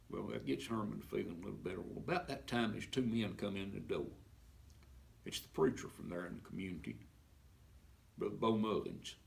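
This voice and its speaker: A man's voice: lowish voice, a little fast, vocal fry, slight background noise. A man telling a folksy story with sound effects at a library event.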